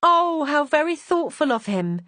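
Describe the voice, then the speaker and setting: Gushing young housemaid, high and eager, played by a woman narrator in a storybook reading. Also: lively intonation, normal speed, no room sound. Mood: delighted. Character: excitable young female housemaid.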